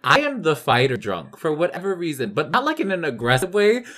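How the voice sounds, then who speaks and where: Playful young man, slightly high voice. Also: sing-song, fairly quick, fairly bright tone. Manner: laid-back, playful banter. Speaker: podcast host. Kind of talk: casual chat.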